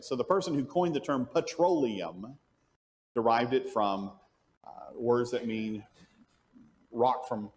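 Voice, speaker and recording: A man runs a Sunday morning adult Bible class in a church classroom, his voice lively and wide-ranging in pitch. Thinking out loud, he frequently stumbles and restarts, posing questions to the group before answering them himself.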